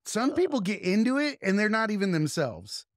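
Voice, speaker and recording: A man's voice: high voice, very animated, normal speed, dry recording, clean studio sound. A young man hosting a podcast in casual chat, loose and jokey, often slipping into silly voices. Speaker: podcast host.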